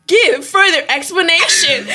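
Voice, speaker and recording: A woman's voice: very high voice, lively intonation, a little slow, sharp tone. A young woman chatting on a podcast, telling school stories dramatically and laughing through her words. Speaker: podcast host. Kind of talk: casual chat.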